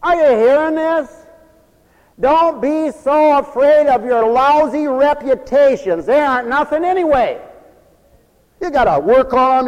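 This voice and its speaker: A man preaching a fiery, folksy sermon, swinging from hushed asides to shouts. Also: extremely high pitch, animated, measured pace, long reverb tail, lo-fi sound.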